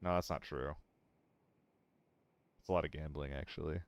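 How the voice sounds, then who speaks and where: Young guy streaming, joking around w chat, smooth clear voice. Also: rumbling low, steady tone, normal speed, dry recording. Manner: playful, apologetic, laughs often. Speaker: game streamer. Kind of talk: casual live-stream chat with viewers.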